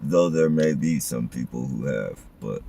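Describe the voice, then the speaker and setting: Deep-voiced man ranting in a car. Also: a little slow, creaky, dark tone, a little hiss or hum. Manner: profane, agitated ranting. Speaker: live streamer. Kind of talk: ranting live stream from a car.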